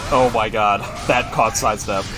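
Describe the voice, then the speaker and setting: A man hosting a live stream and commentating fighting game matches, excitable and joking as he reacts to the play. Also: lowish voice, moderate pace, music in the background. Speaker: esports commentator and stream host.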